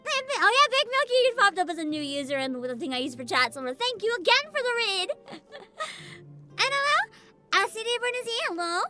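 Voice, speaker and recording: A young woman VTuber chatting on her livestream, her voice very high and bright with a lot of bounce in the pitch. She laughs often, swears freely and rattles off chat names as they come in, while faint game music plays underneath. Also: sing-song, fast talker. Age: 20s. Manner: reads out and greets chat names. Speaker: VTuber streamer.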